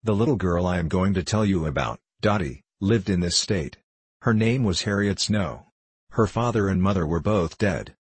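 A man with a husky voice reading the lines of a gentle, earnest mother in a storybook. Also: deep voice, expressive, moderate pace, no echo.

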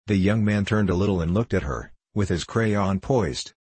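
A man reading a classic novel aloud in a measured, unhurried way, with a husky voice. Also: deep voice, expressive, a little mellow, no room sound. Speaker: audiobook reader.

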